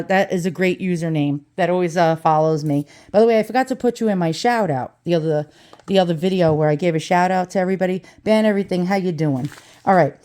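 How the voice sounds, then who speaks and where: A middle-aged woman, ranting in a profane, rambling vlog with quick asides. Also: lowish voice, darkish tone, a little hiss or hum. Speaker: vlogger.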